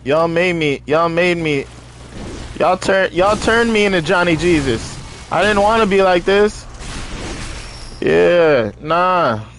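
A young man streaming a video game, chatting casually in heavy slang and telling animated stories between excited outbursts. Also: high voice, slow, a little hiss or hum. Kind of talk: casual stream chat while gaming.

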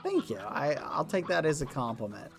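A man's voice: on the high side, huge pitch swings, moderate pace, vocal fry. A man livestreaming a game, chatting with his viewers in a playful, teasing way, with game music behind him. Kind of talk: casual game stream chat.

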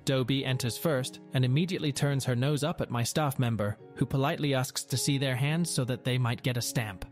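A man narrates a story in a wry, dramatic tone, his voice pitched in a plain middle range. Faint music plays softly beneath him. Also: brisk, few pauses. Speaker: store manager. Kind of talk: reading a story aloud.

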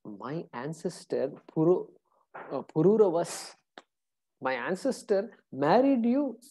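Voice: medium pitch, very animated, slow pace, warm tone, full character voice, rough recording. A teacher voicing an earnest young warrior prince who politely and awkwardly turns down a proposal in a scripture story. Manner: flustered, respectful refusal.

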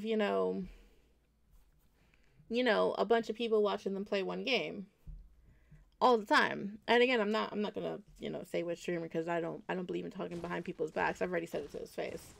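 A woman streamer talks loosely to her viewers mid-game, with a gravelly, fry-edged voice at an ordinary middle pitch. She rambles and restarts her sentences, often stopping to correct a word and reassure the people listening. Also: fairly quick, fairly bright tone. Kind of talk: casual chat to stream viewers while gaming.

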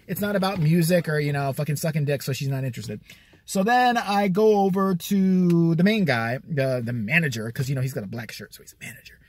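A man's voice: mid-range voice, animated, fast talker. A man telling a profane, sarcastic comic rant with an exasperated edge. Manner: sarcastic, swears a lot, exasperated. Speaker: vlogger.

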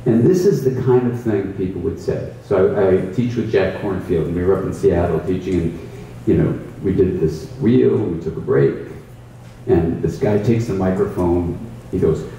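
Low, dark-voiced man in an echoey room. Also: normal speed, gravelly, highs cut off, slight background noise. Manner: storytelling, thoughtful, emphatic. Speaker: mindfulness teacher. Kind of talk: reflective conversational explanation. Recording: roomy echo, distant mic, faint ambience.

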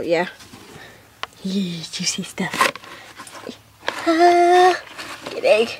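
Recorded at home, a woman with a medium-pitched voice voices every character in her doll show, switching playfully between them. There's some background noise.

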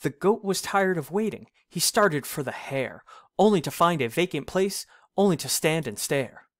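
A man reading an old rhyming storybook aloud, in a measured, sing-song delivery. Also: on the high side, expressive, no room sound, clean studio sound.

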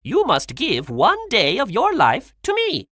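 A scheming little trickster man with a high, wheedling voice, as a woman reads him. He pushes his deal in loud, swooping tones. The voice is a storybook put-on. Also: wildly swooping pitch, measured pace, no room sound, studio quality, exaggerated voice. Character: scheming male trickster, small and sly.

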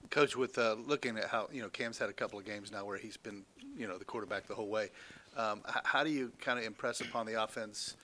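A man's voice: on the low side, fast talker, bright, forceful tone, a little hiss or hum. A male sports reporter asking a long, rambling question at a press conference, full of fillers.

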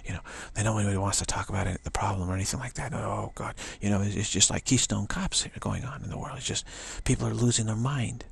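A man's voice: fairly low pitch, fast talker, vocal fry, few pauses, slightly rough. A man giving a spiritual talk, taunting and challenging in a mocking tone. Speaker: spiritual teacher.

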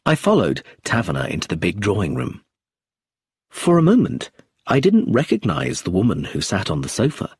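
Husky-voiced male audiobook narrator. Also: fairly low pitch, no echo, studio quality.

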